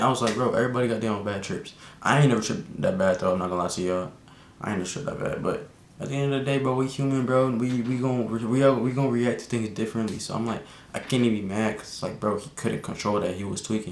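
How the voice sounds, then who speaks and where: A young man telling a casual storytime vlog, slangy and animated, with lots of fillers. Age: young adult. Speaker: vlogger. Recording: echoey room with faint rumble.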